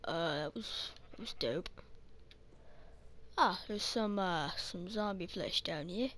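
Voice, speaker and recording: A woman's voice: lowish voice, a bit bright, a little hiss or hum. A woman casually commenting while playing a game, muttering to herself and swearing often. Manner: slow, muttering, swears a lot. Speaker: gaming channel host. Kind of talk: casual let's-play commentary.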